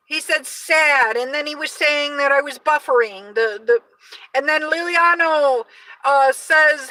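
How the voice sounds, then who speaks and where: A loud, energetic woman in her forties talks loosely on a live stream, full of "um"s and restarts. Her voice is high and bright. The sound is dry and picked up from a little way off the mic. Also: measured pace, no room sound, distant mic, poor audio. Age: 40s. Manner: loud, energetic, chatty with many fillers. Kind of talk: casual live-stream chat.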